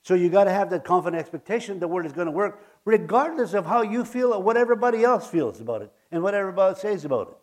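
A man preaching a sermon, earnest and halting, often repeating his words. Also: high voice, animated.

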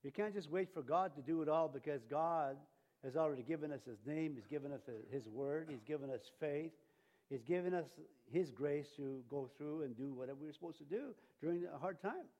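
A man delivers a sermon in a loose, conversational way, stumbling through restarts and fillers. His voice sits a bit high for a man. He jumps to loud, forceful bursts when he stresses a point. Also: expressive, fairly quick. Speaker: preacher.

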